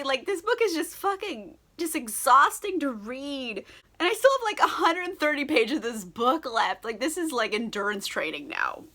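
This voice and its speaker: A young woman with a bright, edgy voice pitched a little high, chatting tipsily into the camera. She rants sarcastically about a book, swears freely and breaks into giggles. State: tipsy. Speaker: book vlogger. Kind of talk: casual book review chat.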